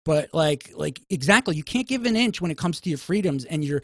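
Man, fairly high voice, heated casual talker, dry recording. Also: animated, brisk, no room sound. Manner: heated, stumbling restarts. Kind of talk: casual political talk.

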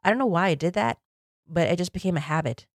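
A woman's voice: on the low side, animated, fast, no echo, studio quality. A woman in her forties hosting a podcast, telling personal stories in an earnest, reflective, conversational way. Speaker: podcast host.

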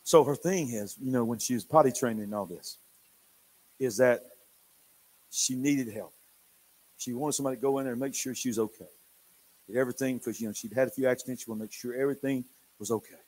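An older man preaching a sermon in church, telling a family story with animated swings from hushed to loud. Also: medium pitch, fast, long pauses. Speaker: pastor.

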